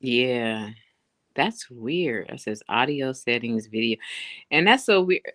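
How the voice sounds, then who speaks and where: A woman who is a guest on a live stream, chatting casually and quick to laugh. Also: very deep voice, expressive, fairly bright tone.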